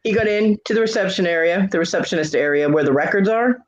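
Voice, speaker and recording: A woman's voice: mid-range voice, fast talker. A middle-aged woman telling a funny family story in a casual chat, laughing often and acting out the quoted voices. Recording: dull lo-fi live stream audio.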